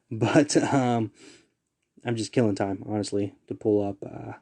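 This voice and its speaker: A male podcast host talks loosely into a desk mic, low in pitch and mellow in tone. He drifts into asides and chuckles at himself while reading out the week's listings. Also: a little slow. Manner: loose, rambling, laughs at his own asides. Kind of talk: casual solo podcast.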